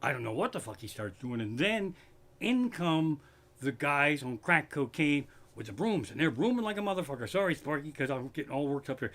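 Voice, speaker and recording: A man's voice: a little high, animated, a little fast, fairly bright tone. A man doing profane, worked-up stand-up comedy, streamed live from his living room, with a Pennsylvania accent.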